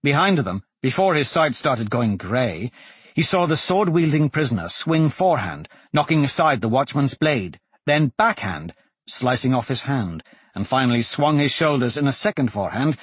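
A man narrating a fantasy audiobook in a dramatic, expressive scripted style. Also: mid-range voice, moderate pace, slightly rough, dry recording.

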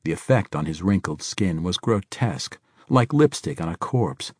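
Audiobook narrator, male, low and husky, lively pitch, dry close recording. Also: normal speed, dry recording.

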